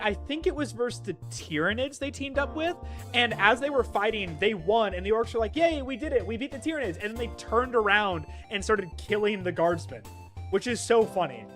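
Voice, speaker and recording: A young man with a fairly high voice talks his way through a game on a live stream. He is chatty and excitable, jumping from loud bursts to quiet mutters, with music playing underneath. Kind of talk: live gameplay commentary.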